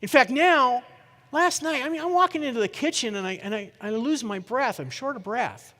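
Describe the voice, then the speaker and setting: A middle-aged man giving a keynote talk, telling a story in a lively way and putting questions to the audience. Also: extremely high pitch, moderate pace. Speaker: keynote speaker. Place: conference hall. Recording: reverberant conference hall.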